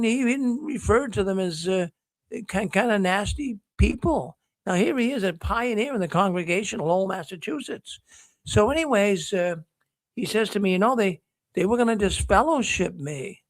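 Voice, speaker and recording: A man's voice: high voice, no room sound. A man hosting a live call-in show, talking casually and rambling through stories with many restarts. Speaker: host of a call-in livestream show.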